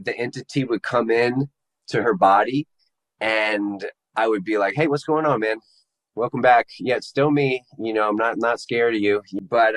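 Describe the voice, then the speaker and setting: Low-voiced man recounting a personal testimony. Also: a bit bright, rough recording. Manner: halting, searching for words. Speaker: interview guest. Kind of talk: personal testimony in casual conversation.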